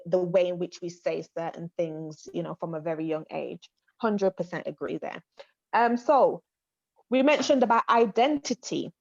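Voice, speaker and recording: A woman with a low voice moderates a panel over a video call. Her delivery is measured and agreeable. The sound is dry and a bit dull, like lo-fi call audio. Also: darkish tone, no room sound. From Montserrat. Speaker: panel host.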